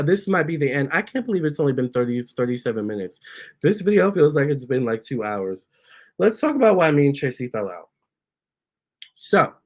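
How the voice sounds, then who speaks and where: Chatty, animated man hosting a livestream. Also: a little high. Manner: chatty and animated, reads viewer comments aloud, coos at his cats. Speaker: tarot reader and channel host. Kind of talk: casual livestream chat.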